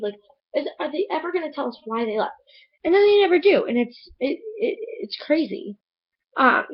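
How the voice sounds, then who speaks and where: A woman's voice: fairly high pitch, breathy edge, highs cut off. A woman reviewing a book in a casual vlog, rambling and chatty with lots of fillers.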